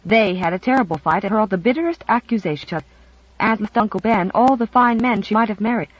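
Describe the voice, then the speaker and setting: An audiobook narrator reading a novel with expressive storytelling. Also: medium pitch, brisk, dull audio.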